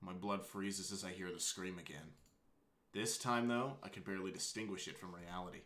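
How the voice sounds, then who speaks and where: A young man streaming a visual novel game, reading it aloud with excitable asides, laughter and swearing. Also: deep voice, normal speed. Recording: roomy echo.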